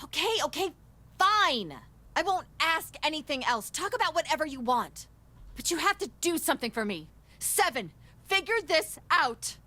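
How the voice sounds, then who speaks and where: Brash, swearing woman, very high and bright, played by a man; impatient and exasperated. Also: sing-song, moderate pace, heavily acted. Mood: irritated. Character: brash, foul-mouthed adult woman, impatient. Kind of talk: let's play character voice.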